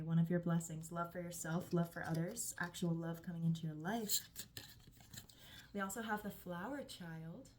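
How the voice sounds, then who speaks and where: A woman's voice: on the low side, warm tone. A woman giving a channeled tarot reading, affirming and gushing, with frequent sighs. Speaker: tarot reader.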